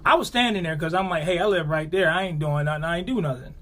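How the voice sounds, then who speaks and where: A man's voice: a little high, fast talker. A man with a Buffalo, New York accent, co-hosting a podcast, telling a story in casual chat and acting out quotes with a raised voice. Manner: animated, acts out quotes with raised voice. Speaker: podcast co-host.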